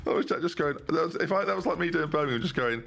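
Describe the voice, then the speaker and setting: A man chatting and teasing his friends on a live stream, laughing loudly. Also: on the high side, lively intonation, rapid-fire, creaky. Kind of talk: casual group chat on a live stream.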